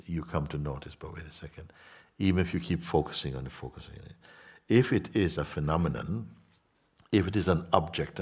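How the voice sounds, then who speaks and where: Husky, low-voiced man teaching softly. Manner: slow, soft-spoken, repeats words. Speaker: spiritual teacher. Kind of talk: spiritual talk to listeners.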